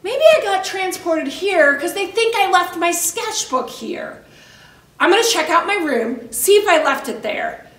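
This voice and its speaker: A woman art teacher performing a skit, chatting to herself and thinking out loud. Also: very high-pitched, very animated, unhurried, distant mic. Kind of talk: acted skit talking to herself. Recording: roomy echo, voice off the mic.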